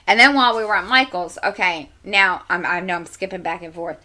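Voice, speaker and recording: A middle-aged woman with a fairly low voice talks casually into a desk microphone in her home craft corner. She rambles through an exasperated story and keeps doubling back with asides. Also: a little fast, pushed and bright. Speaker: crafting channel host. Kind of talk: casual chat.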